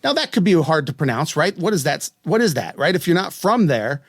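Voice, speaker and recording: A man's voice: a little high, sing-song, fairly quick, no echo, studio quality. A man from West Virginia hosting a casual chat, rambling and chatty, often breaking off and restarting his sentences. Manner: rambling, chatty, self-interrupting. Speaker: podcast host.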